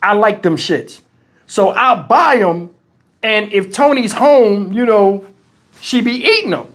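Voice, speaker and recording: A man with a notably high speaking voice hosts a live stream and spins stories in a loose, rambling way. His delivery is animated and full of profanity, with a casual, unscripted feel. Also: takes it slowly.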